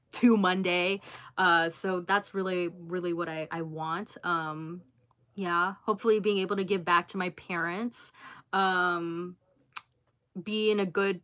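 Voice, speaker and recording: A young woman in her twenties hosts a casual livestream, talking freely and reading out comments from viewers. She is chatty and expressive, with plenty of filler words between thoughts. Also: on the low side, unhurried. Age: 20s. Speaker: YouTuber hosting a livestream.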